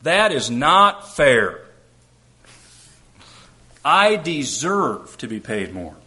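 A man voicing a whiny, entitled complainer who keeps protesting that things are not fair, in a slow, drawn-out whine. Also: mid-range voice, big pitch swings, bright, forceful tone, husky, exaggerated voice. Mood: whining.

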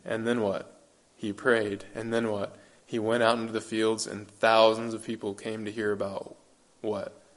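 A man's voice: fairly low pitch, little pitch movement, measured pace, hardly any pauses. Earnest male preacher asking rhetorical questions. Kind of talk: sermon.

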